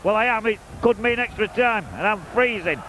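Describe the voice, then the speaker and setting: A high-pitched man calls a football match from an exposed commentary position, chatty and openly partisan with wry asides. The outdoor recording carries loud stadium noise. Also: normal speed, low-quality recording. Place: open-air commentary position at a football ground.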